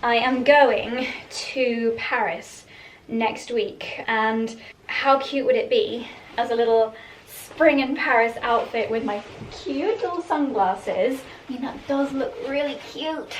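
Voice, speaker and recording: A woman's voice: a little high, slow pace, far from the mic, a little hiss or hum. Chatty young woman in an echoey room. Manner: chatty, giggly, thinking aloud. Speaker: fashion vlogger. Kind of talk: casual vlog chat. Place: room at home, trying on clothes.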